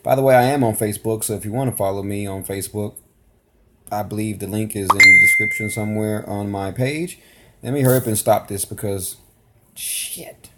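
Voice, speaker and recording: A man's voice: on the low side, steady tone, brisk, noisy background. A man hosting a reaction video, chatting casually to camera in a rambling, apologetic way.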